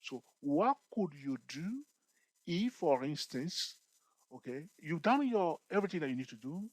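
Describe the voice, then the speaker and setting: Guy explaining buy and hold investing, kinda high voice, super animated, keeps saying okay, dry sound. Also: no echo, low-quality recording. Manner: repetitive, peppers talk with "okay" and "all right"; lively, jokes with viewers. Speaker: investing tutor. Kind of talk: casual spoken tutorial.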